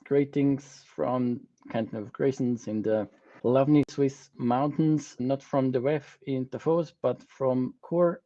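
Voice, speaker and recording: Mellow man over lo-fi call audio. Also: mid-range voice, steady tone, takes it slowly. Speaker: guest lecturer. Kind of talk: brief greeting on a video call.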